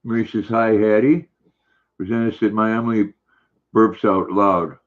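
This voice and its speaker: Older man, low voice, lo-fi stream. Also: moderate pace. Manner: relaxed, friendly, chatty. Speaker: livestream host. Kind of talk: casual livestream chat, reading comments aloud. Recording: dull lo-fi stream audio.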